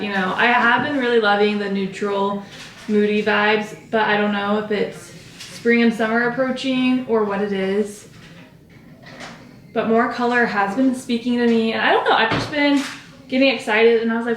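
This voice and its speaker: A young woman vlogs from home while doing her makeup, chatting to the camera in a rambling way, full of fillers and cutting herself off. Her mid-range voice is steady and a little bright, at a normal speed, and the room sounds spacious.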